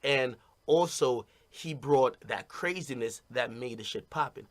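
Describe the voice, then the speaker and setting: A man's voice: mid-range voice, unhurried. Blunt rambling man streaming to fans. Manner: blunt, rambling, repeats "you know what I mean". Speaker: streamer talking to his audience. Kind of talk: casual stream monologue.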